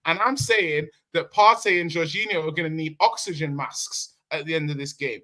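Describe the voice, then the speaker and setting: A man's voice: fairly high pitch, moderate pace, bright, forceful tone. A man arguing with friends on a football talk stream, teasing and combative. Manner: teasing, argumentative. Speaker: panelist. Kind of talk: heated casual football debate.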